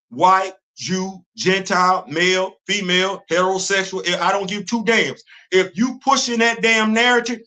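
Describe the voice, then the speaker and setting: A man's voice: high-pitched, pushed and bright. A middle-aged man, hosting his own show in heated, emphatic casual commentary and repeating himself for force. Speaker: host.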